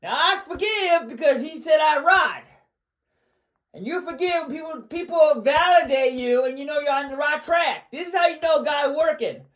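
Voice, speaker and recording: A man hosting a livestream, ranting boastfully and repeating himself, often bursting into shouts. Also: extremely high pitch, normal speed. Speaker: livestream host.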